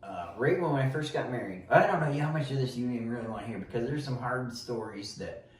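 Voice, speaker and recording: A middle-aged man tells his story in a casual, folksy ramble, circling back and restarting as he goes. His voice sits at a middle pitch. The recording is heavily echoey, with the mic set some distance away. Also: brisk. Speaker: interview guest giving testimony.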